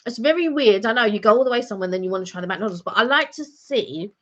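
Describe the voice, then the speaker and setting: A woman's voice: medium pitch, animated, fast. A woman co-hosting a casual live-stream vlog chat, rambling and chatty with plenty of ums and restarts. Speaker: vlog co-host. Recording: dull lo-fi home stream audio.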